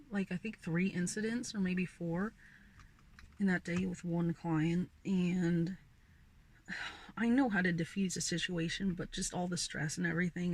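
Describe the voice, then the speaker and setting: A young woman vlogger ranting casually about her old job, swearing freely and sighing often. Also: on the low side. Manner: profane, ranting, sighs often. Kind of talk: casual rant.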